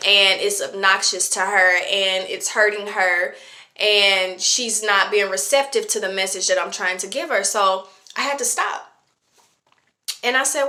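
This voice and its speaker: A woman's voice: mid-range voice, pushed and bright. A woman in her late twenties talking casually to camera about parenting, chatty and reflective, with lots of fillers. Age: 20s. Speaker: vlogger.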